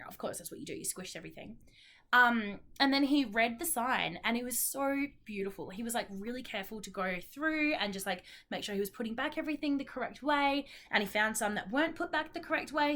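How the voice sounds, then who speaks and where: A woman's voice: on the high side, expressive, fast, bright, forceful tone. A young Australian woman chatting casually about her yarn stash in a rambling, apologetic way, with lots of ums. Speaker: knitting vlogger. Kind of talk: casual chat.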